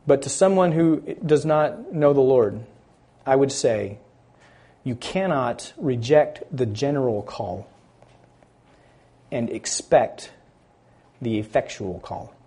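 A man preaching a sermon, building loud on key words and dropping quiet at the ends of phrases, stressing scripture slowly. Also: medium pitch, lively intonation, breathy edge. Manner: slow, deliberate emphasis on scripture phrases.

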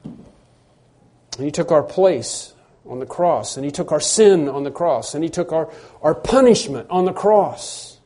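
A man's voice: a little high, lively intonation, unhurried, mellow. A man preaching a sermon, earnest, often repeating words as he builds to emphatic phrases.

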